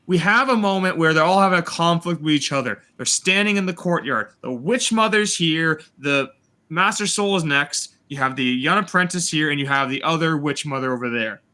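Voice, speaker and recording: A man hosting a casual review chat, retelling scenes in an animated, sarcastic way with swearing. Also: on the high side, normal speed. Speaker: host reviewing a TV series.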